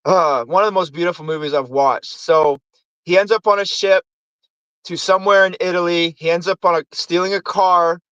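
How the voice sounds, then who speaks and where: A man's voice: high-pitched, steady tone, moderate pace, fairly bright tone, smooth, no echo, highs cut off. A man hosting a casual movie review show, rambling through plots and acting out lines from the films. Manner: rambling, acts out movie quotes. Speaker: host.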